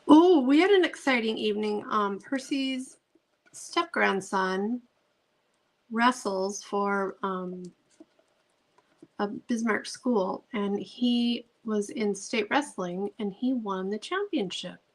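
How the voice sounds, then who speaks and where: A woman's voice: mid-range voice, slow, low-quality recording. A middle-aged woman, a craft channel host chatting casually while she paints, gushing storyteller with many ums.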